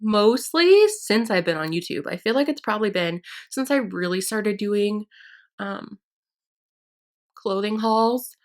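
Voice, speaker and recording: A woman's voice: mid-range voice, expressive, a little slow. A young woman chatting casually to her viewers while doing her makeup, rambling and upbeat. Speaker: beauty YouTuber. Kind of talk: casual get-ready-with-me chat.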